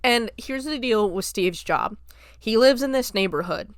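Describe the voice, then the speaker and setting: A woman's voice: on the high side, expressive, unhurried, no echo, clean studio sound. A woman hosting a podcast, casually recapping a film scene by scene, laughing often and acting out the lines she quotes. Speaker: podcast host reviewing a film.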